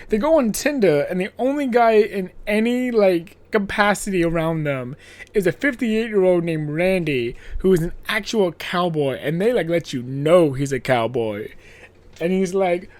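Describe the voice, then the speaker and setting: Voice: medium pitch, lively intonation, a little slow, dry recording. A podcast host in a casual horror movie review chat, rambling and self-interrupting, laughing often and swearing casually.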